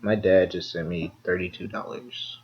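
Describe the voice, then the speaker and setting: A young man with a lowish voice rambles through a casual podcast chat, dropping into silly put-on voices now and then. The recording sounds dull and lo-fi, with a faint hiss underneath. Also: moderate pace. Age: young adult. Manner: rambling, animated, slips into joking voices. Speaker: podcast co-host. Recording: dull lo-fi audio with faint noise.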